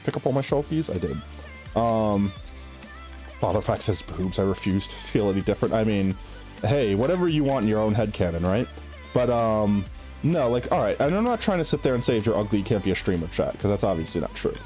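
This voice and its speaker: Nasal-voiced male streamer, very lively. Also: on the low side, a little fast, soft background music. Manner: rambling, full of "like" and "right?". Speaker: live streamer. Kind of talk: casual chat while gaming.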